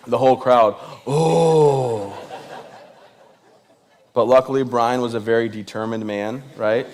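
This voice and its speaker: His voice sits on the low side and has a slightly mellow quality. He's a guest speaker from Michigan at a live event, giving a jokey, self-deprecating speech peppered with "right?"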